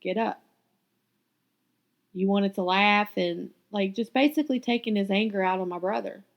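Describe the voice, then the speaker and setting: A woman's voice: mid-range voice, a little fast, highs cut off. A woman hosting her own podcast, telling her life story in a raw, candid way and swearing freely. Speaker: podcast host. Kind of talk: confessional personal storytelling.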